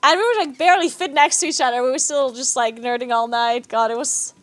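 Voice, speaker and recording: A woman's voice: sits high, a little fast, fairly bright tone, no room sound. A woman in her thirties streaming a game, chatting casually, laughing often and swearing freely. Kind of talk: casual live-stream chat.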